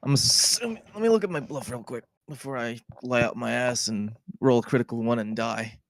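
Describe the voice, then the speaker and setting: A man's voice: mid-range voice, fairly quick, no echo. A man playing a tabletop game, casually muttering to himself as he checks his character sheet. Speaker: player.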